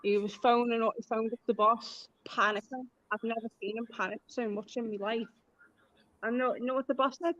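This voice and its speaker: Bright chatty Liverpool woman. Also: on the high side, fairly even intonation, a little fast. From Liverpool, England. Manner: chatty storyteller, acts out quoted lines. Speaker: live stream co-host. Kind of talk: casual chat. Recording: dull lo-fi live stream audio.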